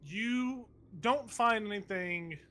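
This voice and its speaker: A man's voice: high voice, takes it slowly, bright, forceful tone. A man running a tabletop game as game master, narrating casually with lots of fillers and frequent laughter.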